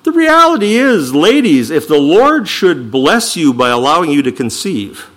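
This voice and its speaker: A man preaching a sermon, reading scripture slowly and with emphasis, then explaining it in quicker asides. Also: a little high, very animated, a bit bright. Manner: emphatic, swings from slow declaiming to quick asides. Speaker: pastor.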